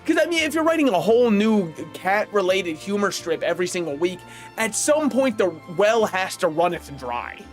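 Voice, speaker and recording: A man's voice: high voice, very animated, moderate pace, soft background music. A man streaming a video game, chatting casually in a rambling, opinionated way and chuckling often. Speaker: gaming streamer. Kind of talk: casual livestream chat while playing.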